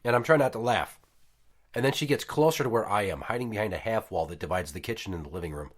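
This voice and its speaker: A man's voice: lowish voice, fast. Man, thirties, podcast host, swearing storyteller, voices other people in the story. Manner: profane, animated, acts out quotes. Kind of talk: casual storytelling.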